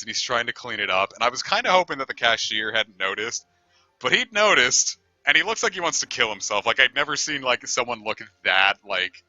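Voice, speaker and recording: A man's voice: medium pitch, bright, forceful tone, no room sound, muffled recording. A man streaming a game, telling a long story in a rambling, easygoing way and swearing casually. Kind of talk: casual storytelling over gameplay.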